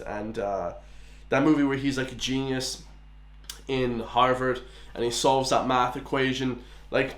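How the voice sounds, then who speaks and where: A young Irish man with an Irish accent, chatting casually and excitedly as he reacts to a video, full of filler words. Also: medium pitch. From Ireland. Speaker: reaction channel host.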